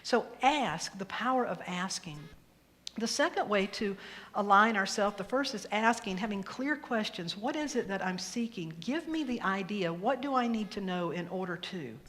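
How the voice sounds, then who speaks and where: A woman's voice: mid-range voice, normal speed. Woman minister preaching in an echoing hall. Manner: animated, acts out quoted voices with laughter. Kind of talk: storytelling sermon. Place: church sanctuary. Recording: reverberant hall with faint room noise.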